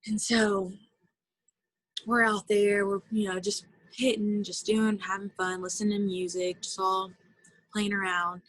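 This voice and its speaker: A woman's voice: mid-range voice, flat delivery, measured pace, fairly bright tone, no room sound, poor audio. A young woman in her twenties, an interview guest, chatting casually and emotionally about her college years with lots of filler words. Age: 20s. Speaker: interview guest, former college softball player.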